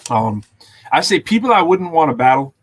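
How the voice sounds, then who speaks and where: A man from Massachusetts who hosts a podcast and raps, ranting in casual, animated chat with lots of fillers. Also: on the high side, normal speed. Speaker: podcast host and rapper.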